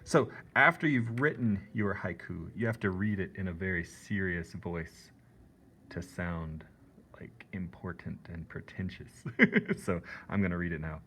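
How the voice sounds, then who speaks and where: Playful deep-voiced art teacher. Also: male voice, a little slow, fairly bright tone, slight background noise. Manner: playful, chatty, laughs often. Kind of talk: classroom video lesson.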